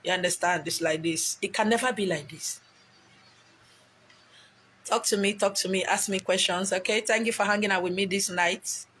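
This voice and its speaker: Steady and fairly bright, this medium-pitched voice belongs to a middle-aged Nigerian woman with a Nigerian accent, speaking at normal speed. She rambles on her own casual motivational live video, emotional and a little preachy. The phone recording has slight background noise.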